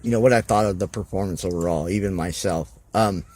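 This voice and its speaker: A man's voice: sits low, fast talker. A man talking casually as a podcast guest, rambling with many fillers and acting out quoted conversations. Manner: rambling, animated, full of fillers and acted-out quotes. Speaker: guest wrestler.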